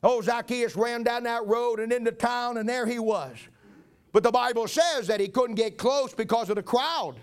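A man's voice: very high voice, moderate pace, clean tone. A man preaching a sermon, retelling a Bible story in a dramatic, folksy way.

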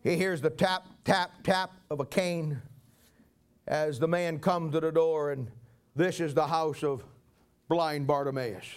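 A man's voice: fairly high pitch, steady tone, a little slow, smooth. A male pastor narrating a story in a sermon with vivid detail.

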